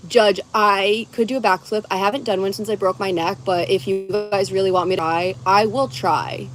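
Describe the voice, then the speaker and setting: A woman's voice: mid-range voice, steady tone, moderate pace, music in the background. A young woman livestreaming from her phone outdoors in the woods, chatting in a bubbly, rambling way as she answers viewers' comments. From United States. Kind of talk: casual livestream chat. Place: outdoors in wooded mountains.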